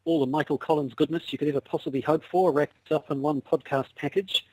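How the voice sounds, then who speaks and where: A man's voice: a little high, fairly even intonation, brisk, darkish tone, no room sound, poor audio. A man co-hosting a podcast over a video call, wry and rambling, often restarting his sentences. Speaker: podcast co-host. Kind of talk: casual chat over a call.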